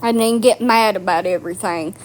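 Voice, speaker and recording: A woman's voice: mid-range voice, a little fast. A woman delivering a blunt, profane, mocking rant to camera. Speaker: vlogger. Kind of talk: ranting monologue.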